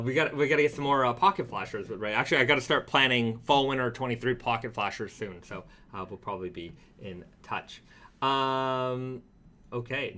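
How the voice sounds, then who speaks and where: Bright-voiced man hosting a casual live stream. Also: medium pitch. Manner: relaxed, reads viewer comments aloud with many fillers. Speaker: host of a brand's weekly live stream.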